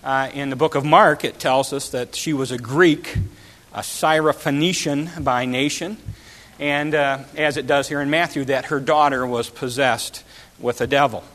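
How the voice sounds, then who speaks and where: A man's voice: medium pitch, fairly even intonation, moderate pace, a bit bright. A man preaching a sermon in an earnest, emphatic way, often repeating and restarting words.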